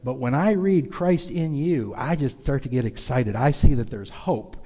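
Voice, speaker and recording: A man's voice: medium pitch, normal speed, warm tone, husky, long reverb tail. A man pastor giving a folksy, conversational sermon in a church sanctuary, talking openly to the congregation. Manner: folksy, conversational, confessional preaching.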